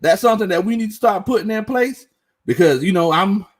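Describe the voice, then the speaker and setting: A young man hosts a relaxed sports live stream, reading viewer comments and joking along. His voice sits a little high for a man. He laughs easily and talks in a loose, slangy way. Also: fairly quick. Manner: laughs often, reads chat comments aloud, slangy and playful.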